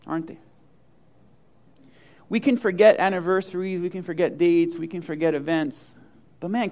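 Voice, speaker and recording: A middle-aged male pastor preaching a sermon, telling funny personal stories and acting out the quotes with big swings in voice. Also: gravelly. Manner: animated storyteller, acts out quotes with big swings of pitch and loudness.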